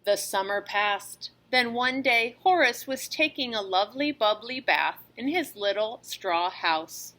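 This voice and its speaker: Woman reading a kids' storybook, slow, bright, lively pitch. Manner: animated, expressive. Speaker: teacher reading aloud. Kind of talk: storybook read-aloud.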